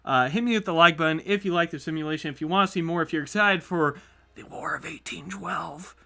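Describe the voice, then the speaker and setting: A man's voice: a little high, brisk, creaky. A man hosting his channel, giving chatty, upbeat play-by-play commentary on a map simulation. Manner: upbeat, chatty, reacts with excitement. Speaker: YouTube host.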